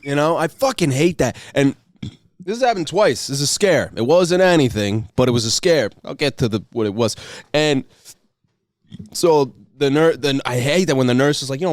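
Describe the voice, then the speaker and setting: A man's voice: mid-range voice, lively intonation, no echo, studio quality. A man in a casual podcast chat, telling a crude story and acting out the other people's lines. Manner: acts out dialogue in quick voices. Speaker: podcast host.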